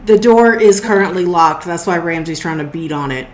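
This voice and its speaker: A woman with a lowish voice runs a tabletop game as game master. She narrates in a loose, easygoing way, full of fillers, and her voice carries a roomy echo. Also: normal speed. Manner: loose, with frequent fillers and restarts.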